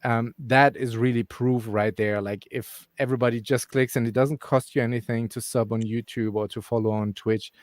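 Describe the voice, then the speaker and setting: A man's voice: medium pitch, fairly even intonation, normal speed, hardly any pauses, no echo. A man talking casually on a live stream, rambling through his thoughts with plenty of "um" and "like". His voice sits in a middle register and sounds dry and close to the mic, with no room around it. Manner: rambling, frequent fillers and restarts. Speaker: crypto stream co-host. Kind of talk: casual chat.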